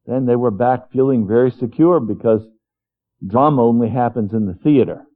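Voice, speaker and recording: A man preaching a sermon, slow and storytelling, dropping his voice soft when he voices God's words. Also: medium pitch. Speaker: pastor. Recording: tinny phone-like lo-fi recording.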